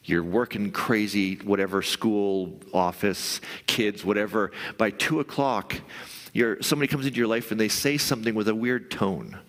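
Low-voiced man preaching in a reverberant hall. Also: moderate pace, a bit bright. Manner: conversational, acts out inner voices in a raised pitch. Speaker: pastor. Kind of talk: sermon.

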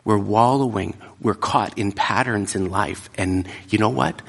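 Low-voiced pastor in a reverberant hall. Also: male voice, measured pace, gravelly, few pauses, breathy edge. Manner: emphatic, drops to hushed whispers. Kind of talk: sermon.

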